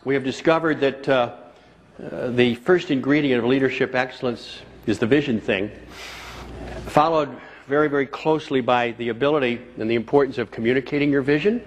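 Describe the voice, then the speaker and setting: A man's voice: medium pitch, brisk. A man giving a motivational keynote speech at a conference, telling stories and repeating key phrases for emphasis. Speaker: keynote speaker. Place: conference hall before a live audience.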